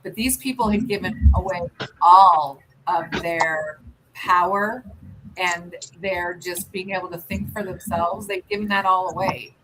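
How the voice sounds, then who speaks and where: A woman's voice: lowish voice, a little slow, noisy background. An American woman hosting a casual livestream, chatting and rambling with lots of ums and restarts. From United States. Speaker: livestream host. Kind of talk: casual chat while doing nail art.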